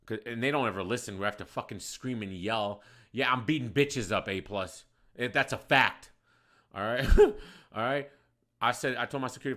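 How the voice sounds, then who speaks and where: A young man who runs a bar, telling a profane story that swings from low mutters to loud outbursts. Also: a little fast. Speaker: bar manager.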